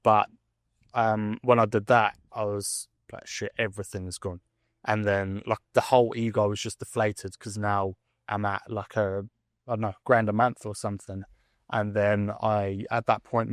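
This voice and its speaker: A young man speaks in a low, even monotone, thinking aloud about his life with plenty of ums and restarts. The sound is dry and close, with no room around it. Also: clear, resonant tone, dry recording. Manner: candid, rambling, with frequent fillers and restarts. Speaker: vlogger. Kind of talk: reflective personal monologue.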